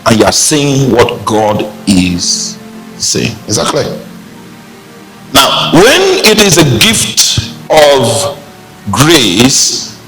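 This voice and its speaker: A man in his forties preaches at a slow, deliberate pace, leaning hard on each phrase. He keeps checking in with his congregation as he goes. Faint music plays softly behind his voice. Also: mid-range voice, low-quality recording. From Nigeria. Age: 40s. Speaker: pastor. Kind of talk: sermon.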